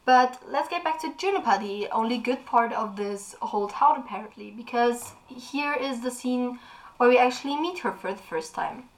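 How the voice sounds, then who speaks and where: A woman's voice: on the high side, normal speed, rough recording. Woman chatting through a book review. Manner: opinionated, thinking aloud with restarts. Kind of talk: casual book discussion with reading aloud.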